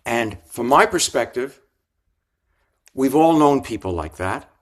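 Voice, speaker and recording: A man's voice: medium pitch, expressive, slow. Older rabbi guy telling stories in an interview, thoughtful, restarts a lot, little jokes. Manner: reflective, warm anecdotes with gentle humor and restarts. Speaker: rabbi and author. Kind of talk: storytelling in an interview.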